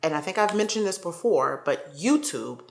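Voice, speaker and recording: Woman, low voice, casual vlog chat, heartfelt, repeats phrases. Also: very animated, moderate pace, creaky. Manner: heartfelt, chatty, repeats herself for emphasis. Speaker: YouTuber. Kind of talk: casual vlog talk to viewers.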